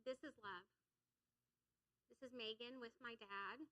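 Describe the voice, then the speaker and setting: Bright high-voiced woman preaching. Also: measured pace, low-quality recording. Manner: energetic, leads call-and-response with congregation. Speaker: pastor. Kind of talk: sermon. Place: church sanctuary.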